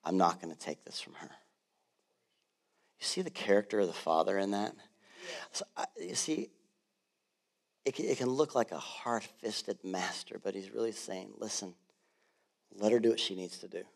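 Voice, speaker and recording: A man in his thirties, a pastor delivering a sermon in a church, moving from quiet storytelling to loud, fervent preaching. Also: on the low side, lively intonation, moderate pace, vocal fry, pauses often. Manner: builds from soft storytelling to loud passionate preaching. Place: church sanctuary.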